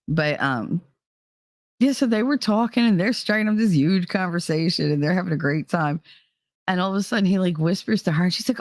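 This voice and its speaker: Her voice sits on the low side, expressive and at normal speed, captured with no echo in clean studio sound. This vlog host shares a personal story in a candid, profane way, acting out the dialogue of the people involved.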